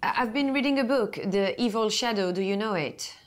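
A woman's voice: mid-range voice, brisk, natural voice. An actress playing a woman who interprets a family video call in a live-action game, relaying lines plainly. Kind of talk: FMV game acting.

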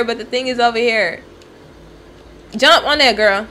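A woman's voice: a little high, lively intonation, slow pace, fairly bright tone, a little hiss or hum. A woman streaming gameplay, talking casually, swearing and yelping when startled. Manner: jumpy, swears and yelps in fright. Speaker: gaming streamer.

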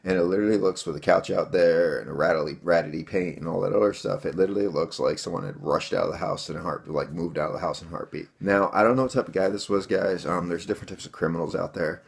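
A man with a very deep, gravelly voice recounts a story to camera. He rambles casually, leans on fillers and keeps calling his viewers guys. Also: fast talker, few pauses. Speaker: vlogger telling a home defense story.

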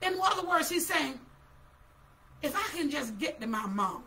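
A woman's voice: sits high, very animated, moderate pace, creaky, pushed and bright. A woman preacher giving a fervent sermon, calling out to her listeners and repeating her words.

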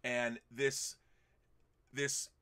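Bright-voiced enthusiastic male host. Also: medium pitch, little pitch movement, extremely slow, clear, resonant tone. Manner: enthusiastic, digressive, talks in long run-on thoughts. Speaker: podcast host. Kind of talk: casual movie chat.

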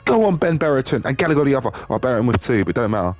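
A man's voice: medium pitch, very animated, rapid-fire, faint music behind. Sweary gamer man. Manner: sweary, swings from glum mutters to shouting. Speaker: gaming YouTuber. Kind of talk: live game commentary.

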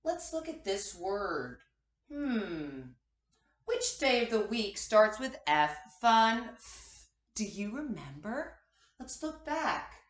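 A woman teaching a kindergarten class its morning meeting, slow and encouraging as she speaks to small children. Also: medium pitch, very animated, roomy sound.

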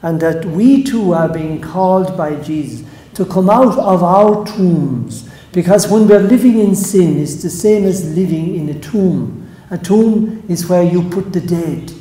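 A male priest delivers a sermon unhurriedly in a warm, low timbre, his phrases trailing off softly at the ends. The room gives his voice a noticeable echo.

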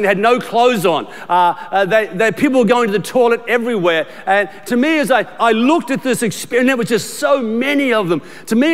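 A middle-aged Australian pastor delivers a sermon in a fairly high voice, emphatic and repetitive, often restarting sentences as he addresses the congregation. A long reverb from the large church auditorium trails his words.

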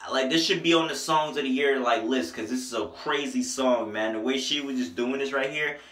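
A man's voice: medium pitch, fairly quick, a bit bright. Slangy young man in an echoey room. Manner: loose, joking, slangy, sings snippets of songs. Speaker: music reviewer. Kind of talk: casual album review vlog.

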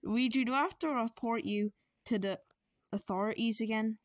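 A woman's voice: on the high side, moderate pace, dry recording, close to an everyday voice. A woman voicing a bossy, exasperated older brother plumber who keeps scolding his sibling.

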